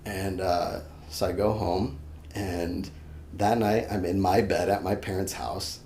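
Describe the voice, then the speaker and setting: A young adult man, a podcast guest, telling a story in casual chat, animated and swearing freely, acting out his own shouts. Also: deep voice, a little slow. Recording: echoey room, faint background noise.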